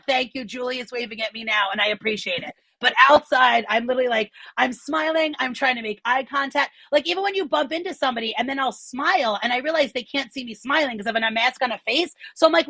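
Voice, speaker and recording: A woman comedian doing animated, self-deprecating stand-up from home over a video call on her phone. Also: sits high, fast, vocal fry, slightly rough, no room sound.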